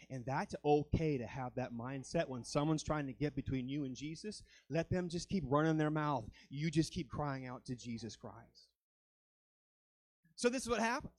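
A man's voice: mid-range voice, lively intonation, unhurried, darkish tone. A man preaching a sermon as a guest speaker, fervent and dramatic, rising and falling as he acts out quoted lines.

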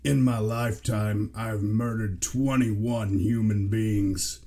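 A man voicing a remorseless adult male murderer in a slow, cold, deliberate way. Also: lowish voice, fairly even intonation, dark tone. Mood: menacing.

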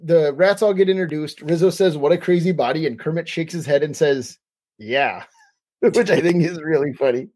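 A man's voice: fairly high pitch, normal speed, darkish tone. A man co-hosting a casual podcast chat, recapping scenes, quoting lines and chuckling often. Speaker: podcast co-host.

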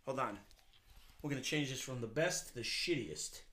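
A man's voice: medium pitch, animated, moderate pace, pushed and bright, slight background noise. A man hosting a crude comedy radio show, swearing constantly in rowdy banter with callers and his co-host.

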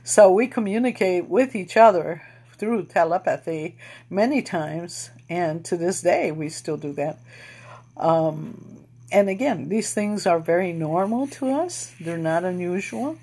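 A middle-aged woman telling a personal story in a casual, unhurried, reflective way, with many pauses and fillers. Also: lowish voice, mellow, husky. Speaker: storyteller recounting UFO experiences.

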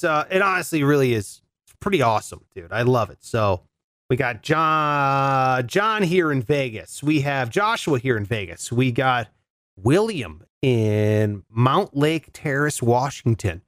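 Animated casual man hosting a podcast. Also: medium pitch, normal speed, no room sound, studio quality. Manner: laid-back, swears freely, says dude and bro. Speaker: podcast host. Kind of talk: casual solo podcast chat.

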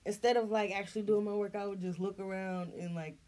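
A woman's voice: medium pitch, fairly even intonation, brisk, darkish tone. A young woman in casual podcast chat, talking loosely with lots of fillers and laughs. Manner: laughing, chatty, trailing off into filler words. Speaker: podcast co-host.

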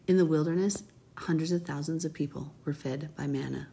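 A woman's voice: deep voice, brisk, background noise. A woman reading a Bible passage aloud and commenting on it in a chatty, heartfelt way. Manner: warm, chatty, reads scripture with brief emotive asides. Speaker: Bible teacher.

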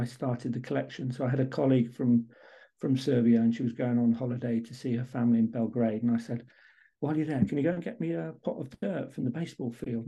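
Husky, gravelly man, halting. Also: medium pitch, dark tone, poor audio. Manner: halting, many restarts and repeated words. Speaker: interview guest, baseball photographer. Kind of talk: casual podcast interview chat.

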